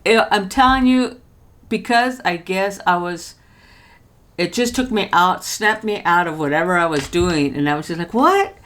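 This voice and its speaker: An older woman talks into her camera from a home studio and tells a story in a relaxed way. Her voice leaps up whenever she quotes someone. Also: normal speed. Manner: lively, jumps high when quoting others. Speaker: vlogger. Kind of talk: casual storytelling.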